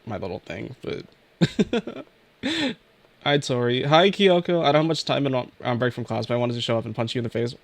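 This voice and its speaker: A man's voice: mid-range voice, fairly quick, creaky, no echo. A man streaming as a VTuber, teary and emotional, swearing casually and laughing often as he chats with viewers. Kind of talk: casual livestream chat, reading chat messages.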